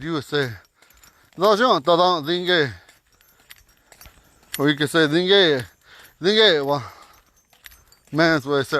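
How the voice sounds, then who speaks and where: A man giving a casual, folksy language lesson while out walking at night, talking into a phone and repeating words slowly. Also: fairly high pitch, fairly bright tone, no room sound. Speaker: language teacher. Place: outdoors at night on a walk.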